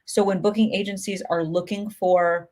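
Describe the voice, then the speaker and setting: A woman's voice: medium pitch, fairly even intonation, normal speed, darkish tone. A woman hosting a casual livestream, answering viewers' comments in a chatty, upbeat way full of "like" and "you know". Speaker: music promotion host answering live comments.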